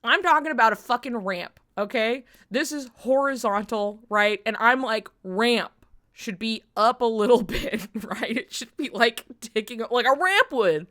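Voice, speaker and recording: Woman streamer, high voice, casual storyteller, swears and laughs a lot. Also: lively intonation, unhurried, a bit bright. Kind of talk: casual chat.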